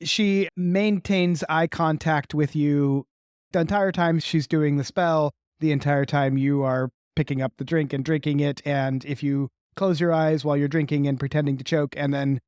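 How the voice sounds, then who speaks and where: A woman narrating a tabletop game as game master, measured and often laughing. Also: low voice, steady tone, a little mellow, clean tone, no echo, clean studio sound.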